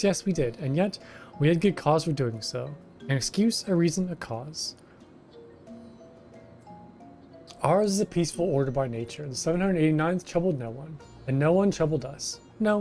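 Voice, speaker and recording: A man's voice: fairly high pitch, mellow, close to an everyday voice. A man voicing a whiny, self-pitying male kobold foreman who repeats himself in strings of synonyms. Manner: repeats words in lists of synonyms, pleading.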